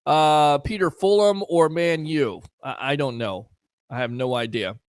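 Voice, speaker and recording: A man's voice: on the high side, a little slow, clean tone, dry recording, clean studio sound. A man hosting a casual sports talk show, riffing sarcastically and chatting with listeners.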